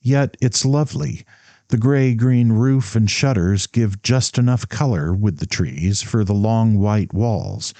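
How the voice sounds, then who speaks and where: A man's voice: on the low side, slow, no echo. Teasing young woman, light and amused, raised voice, a man reading her part, audiobook. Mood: admiring. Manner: light, amused, gently mocking.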